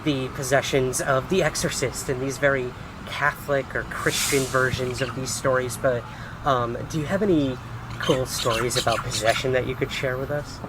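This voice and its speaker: A man's voice: mid-range voice, steady tone, moderate pace. A man hosting an interview, asking questions in a curious, conversational way. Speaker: host, interviewer. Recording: outdoors with clear traffic noise.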